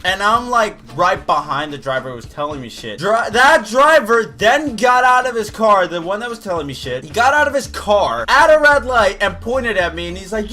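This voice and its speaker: A man's voice: high-pitched, normal speed, few pauses, soft background music. A young man casually telling a profane story and acting out the other people in it. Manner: animated, profane, acts out other drivers. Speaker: gaming video creator.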